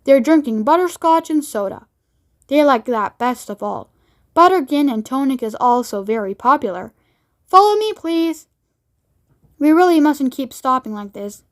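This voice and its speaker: A woman doing a brisk, excitable candy maker. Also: sits high. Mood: urging. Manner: bouncy, urging, excitable. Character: brisk eccentric grown male chocolate maker.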